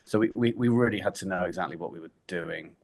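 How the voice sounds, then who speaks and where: A man's voice: low-pitched, fast talker, vocal fry, darkish tone. A man talking as a guest on a podcast over a video call, telling anecdotes and laughing easily. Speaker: guest filmmaker and actor. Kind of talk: casual interview chat.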